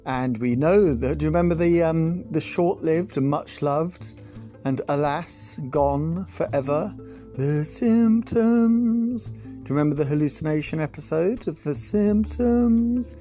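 A man's voice: a little high, lively intonation, unhurried, mellow, soft background music. A man hosting a podcast, delivering a sarcastic, sweary comic monologue on politics, full of rambling asides. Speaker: podcast host.

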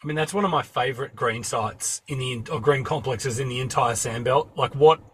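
A man's voice: medium pitch, normal speed, fairly bright tone, husky. An Australian man hosting a podcast, asking guests eager, chatty questions. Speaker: podcast host. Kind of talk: casual podcast interview.

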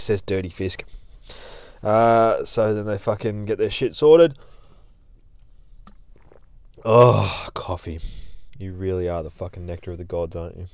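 Aussie guy rambling thru a comic recap, swears constantly, smooth clear voice, dry close sound. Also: fairly low pitch, fairly even intonation, unhurried, dry recording. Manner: rambling and heavily profane. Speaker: comic review host.

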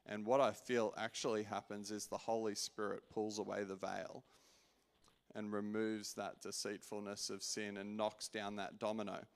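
A man preaching a personal testimony in an earnest way, restarting often and swinging from loud to hushed. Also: lowish voice, level tone, normal speed, creaky. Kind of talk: sermon testimony.

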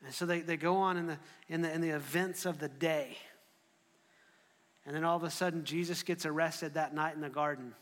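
A man preaching a sermon, telling the story in an animated way and often restarting his phrases. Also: fairly high pitch, a little fast. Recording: echoey hall.

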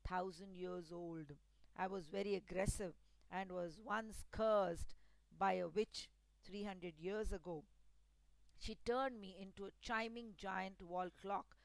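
A woman's voice: medium pitch, steady tone, slow pace, vocal fry, no echo, poor audio. A woman voicing an ancient male genie who speaks in a commanding, stern way, in a storybook reading. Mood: explaining. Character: ancient male genie, once aggressive, gruff.

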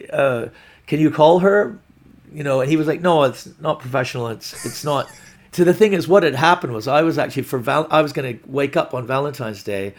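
Male comedian, raspy-edged voice, loose storytelling, lots of restarts. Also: mid-range voice. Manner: rambling, animated storytelling with restarts and acted-out quotes. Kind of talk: storytelling on a podcast.

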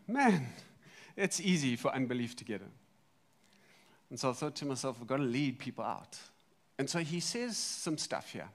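A man preaching a sermon, telling a story in a lively way, swinging between loud and soft. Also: medium pitch. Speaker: pastor.

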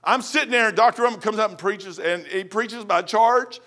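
Preacher, male, high and bright, animated testimony with loud bursts and stammers. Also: moderate pace. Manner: animated storytelling with sudden loud outbursts. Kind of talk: testimony sermon.

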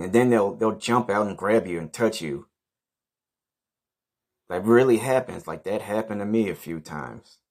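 A man hosting a podcast, telling a rambling story in a blunt, profane, casual way. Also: deep voice. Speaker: podcast host.

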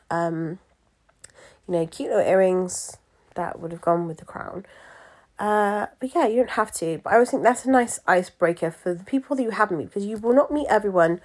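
A woman's voice: lowish voice, brisk, darkish tone. A young woman, a pageant coach, talking candidly to her followers in a casual, chatty monologue full of fillers and asides. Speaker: pageant coach and event organiser.

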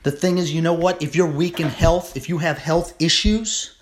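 American guy ranting on his vlog, rambly with lots of ums, gets loud and indignant, faint hiss behind. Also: fairly high pitch, steady tone, moderate pace. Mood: furious. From United States. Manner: rambling with many fillers and restarts, rising to indignant shouting. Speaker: political commentator. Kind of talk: political rant vlog.

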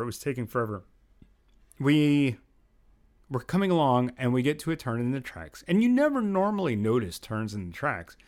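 A man hosting a podcast, telling a long personal story in a casual, rambling way with lots of fillers and restarts. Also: mid-range voice. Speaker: podcast host.

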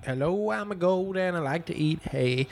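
A man's voice: sits high, lively intonation, normal speed, gravelly, a little mellow, a little hiss or hum, voice pushed up. A man voicing a cheerful male billy goat who sings a rhyming song. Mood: cheerful singing.

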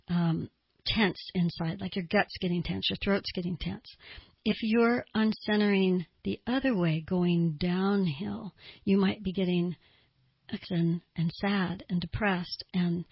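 A middle-aged woman with a low, gravelly and slightly husky voice talks through a podcast lesson as a therapist. She explains calmly and slows down over lists of feelings. The sound is dry and a little dull. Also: dry recording. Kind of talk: podcast teaching talk.

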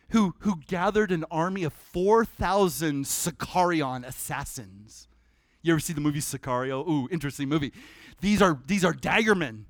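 A man preaching a sermon at a church service, animated and conversational, breaking into humorous asides. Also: on the high side, no room sound.

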